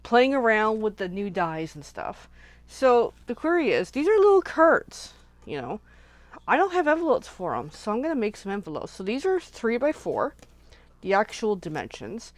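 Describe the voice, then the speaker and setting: A woman's voice: on the high side, very animated, moderate pace, no room sound. A woman hosting a casual live crafting session, chatting and rambling as she thinks aloud while she works at her craft desk. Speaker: craft channel host.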